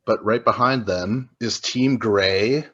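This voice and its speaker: A man's voice: fairly low pitch, slow, fairly bright tone, husky, muffled recording. A man co-hosting a podcast, chatting casually and profanely about a reality show, joking and rambling. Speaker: podcast co-host. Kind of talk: casual podcast recap chat.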